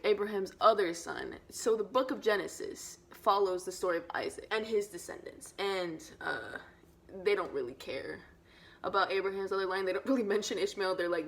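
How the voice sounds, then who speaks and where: Excitable young woman telling a story. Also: mid-range voice, normal speed. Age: young adult. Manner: excitable, slangy, drops to whispered asides. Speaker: vlogger. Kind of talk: casual storytelling vlog.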